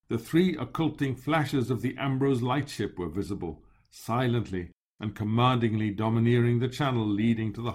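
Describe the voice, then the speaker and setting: A man narrating a first-person memoir in a measured, descriptive storytelling manner. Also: mid-range voice, a little mellow.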